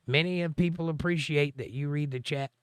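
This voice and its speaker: A man's voice: fairly high pitch, fairly quick, smooth, no echo. A man hosting a livestream, reading viewer comments aloud and answering them with dry, sarcastic jokes. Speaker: livestream host.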